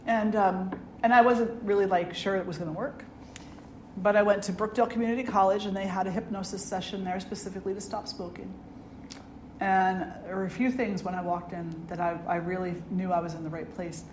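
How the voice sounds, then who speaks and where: A middle-aged woman, a spiritual teacher, giving an earnest dharma talk and telling stories with gentle humor. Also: mid-range voice, steady tone, fairly quick. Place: ashram hall. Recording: echoey room with faint noise.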